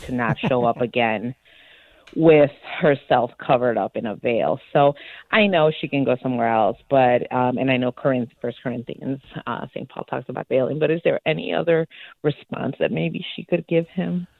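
A woman phones into a radio show with a gravelly voice. She asks her question politely, hesitating with frequent ums. Her voice comes through a tinny, dry phone line. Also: extremely low pitch, moderate pace, dry recording. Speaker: caller. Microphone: telephone.

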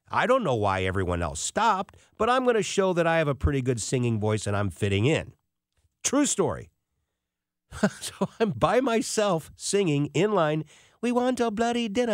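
A man's voice: on the high side, no room sound, studio quality. A man in his sixties telling self-deprecating anecdotes in a casual monologue as a financial commentator. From United States.

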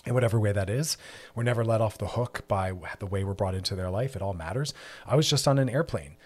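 A man's voice: on the low side, fast. A man hosting a mental health podcast, talking passionately and preachily, with emphatic repetition. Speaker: podcast host.

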